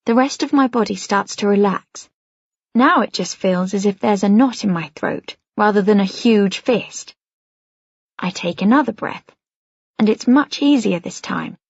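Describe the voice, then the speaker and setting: A woman with a husky, breathy voice narrates a first-person novel as an audiobook, gentle and even. The recording is dry and close, with a slightly dull, muffled tone. It sounds like a plain studio read. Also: medium pitch, a little slow, dry recording.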